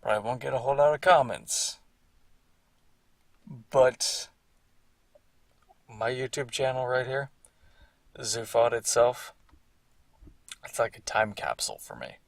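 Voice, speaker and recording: A man's voice: medium pitch, gravelly, fairly bright tone, no room sound, distant mic. A man giving rambling, casual commentary on his own series, repeating himself and swearing now and then.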